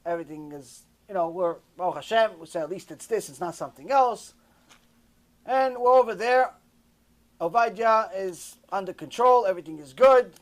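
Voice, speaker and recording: Speaking at a moderate pace in a high male voice, a rabbi recounts a story from a sermon. The telling is lively and repetitive, with him performing each character's lines.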